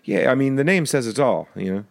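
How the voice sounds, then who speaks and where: A man's voice: medium pitch, expressive, brisk, vocal fry. A man co-hosting a podcast, joking casually about a movie and slipping into silly voices now and then. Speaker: podcast co-host.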